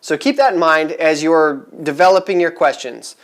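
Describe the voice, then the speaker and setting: A man's voice: on the high side, moderate pace. A man talking casually to camera in a vlog, chatty and rambling with many fillers, upbeat and eager. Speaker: vlogger giving resale advice.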